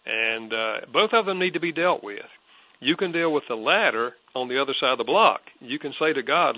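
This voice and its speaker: A man's voice: mid-range voice, lively intonation, moderate pace. An older man, a guest counselor, answering an interview question with an earnest, reflective personal story. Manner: earnest, reflective, soft-spoken. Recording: dull lo-fi audio.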